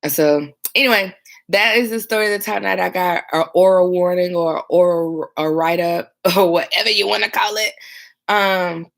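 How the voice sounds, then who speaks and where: A woman's voice: lowish voice, steady tone, normal speed, gravelly. A tired woman, a dispatcher chatting casually on a storytime livestream, rambling with lots of fillers. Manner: rambling, many fillers, reads viewer comments aloud. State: tired and sleepy. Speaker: 911 dispatcher and video host.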